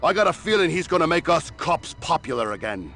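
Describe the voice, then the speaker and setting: A man voicing a thuggish 1950s small-town policeman with a gruff, smug manner. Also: fairly high pitch, sing-song, a little fast, bright, forceful tone, soft background music, heavily acted.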